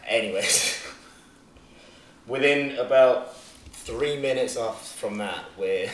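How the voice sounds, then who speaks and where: A man's voice: fairly low pitch, a little slow. A young British man, a podcast guest, telling a story in casual chat, rambling and laughing, full of fillers. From Britain. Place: living room at home. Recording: echoey room with noise.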